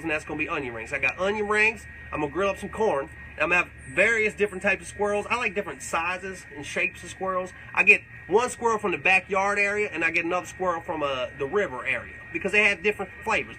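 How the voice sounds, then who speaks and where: A man's voice: high-pitched, pushed and bright, a little hiss or hum, full character voice, low-quality recording. A man playing a crude, boastful redneck character who rambles through tall tales and swears constantly during a comedic livestream Q&A. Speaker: comedic character answering fan questions.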